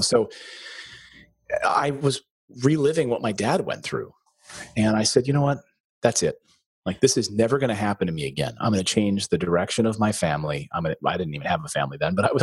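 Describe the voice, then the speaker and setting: Middle-aged guy from philly, former news anchor, lowish husky voice, dry close sound, acts out the voices in his story. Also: no room sound. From Philadelphia area. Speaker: guest, former TV news anchor turned real estate investor. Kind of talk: casual interview storytelling.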